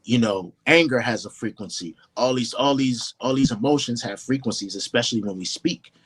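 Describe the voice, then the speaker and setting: A man's voice: mid-range voice, fairly quick, fairly bright tone, slight background noise. Guy producer in a casual interview, chill and reflective, keeps saying you know what i mean. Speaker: hip hop producer and mixing engineer.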